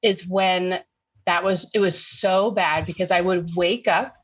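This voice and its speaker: A woman, a sugar detox coach, telling lively stories in a casual podcast interview and acting out what people said. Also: lowish voice, measured pace. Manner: animated storytelling, acts out quotes.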